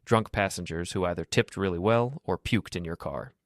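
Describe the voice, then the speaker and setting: A man narrating a scripted first-person story in a steady, matter-of-fact way. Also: deep voice, normal speed, no room sound, studio quality.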